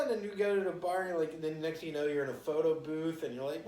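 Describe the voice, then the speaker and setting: A podcast co-host in casual chat, lively and playful, swearing freely. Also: medium pitch, very fast, few pauses. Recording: roomy, slightly distant mic.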